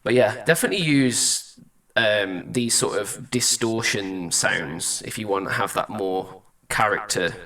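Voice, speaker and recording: A man's voice: fairly low pitch, a little slow, sharp tone, big-room sound. A male singer-songwriter chatting casually as he reacts to a song and tests vocal ideas at a studio mic. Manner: thinks aloud, trying out vocal ideas.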